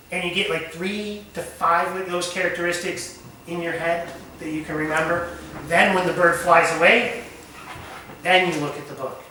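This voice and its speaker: A high-voiced man leads a hands-on camp nature lesson and keeps asking his listeners questions. His voice is bright. He is picked up from far off in a very echoey room. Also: moderate pace, a little hiss or hum. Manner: animated, asks the group questions.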